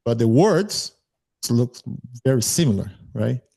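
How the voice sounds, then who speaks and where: Brazilian guy, portuguese accent, gravelly mellow voice, thinking out loud in a casual chat. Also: mid-range voice, very animated, unhurried. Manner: searching for words, thoughtful. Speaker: guest.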